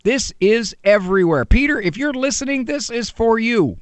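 Radio talk host, middle-aged man, bouncy high voice, dry close studio sound. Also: animated, normal speed, clean tone, no echo. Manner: conversational, teasing, acts out quotes. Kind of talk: animated radio monologue.

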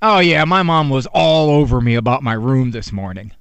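Whiny, exaggerating preteen kid, loud and dramatic, put on by a man on the radio. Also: medium pitch, moderate pace, vocal fry, smooth, dry recording, pitched below the performer's own voice. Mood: complaining.

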